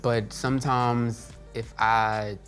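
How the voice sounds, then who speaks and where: A blunt, animated man talks at an ordinary pitch. He is a guest author in a loose, comedic conversation. Faint music sits behind him. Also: takes it slowly. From Houston, Texas. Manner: animated, candid and playfully blunt. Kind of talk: casual comedic chat.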